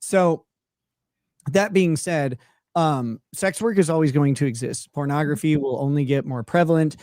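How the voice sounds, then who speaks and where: A man's voice: on the high side, moderate pace, a little mellow, no echo, studio quality. A man hosting a podcast, telling crude joking stories in casual chat over a streaming setup. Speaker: podcast host. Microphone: streaming call setup.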